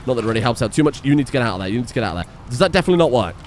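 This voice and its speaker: A man's voice: medium pitch, big pitch swings, rapid-fire, darkish tone, slight background noise. Man panicking through a chaotic game. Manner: swears and panics, swinging from mutters to yelps. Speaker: gaming streamer. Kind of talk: live gameplay commentary.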